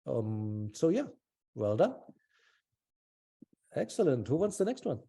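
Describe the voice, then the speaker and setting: A man's voice: mid-range voice, very animated, slow, vocal fry, mellow, husky. A man teaching a small language class over a video call, patient and encouraging, thinking aloud with fillers.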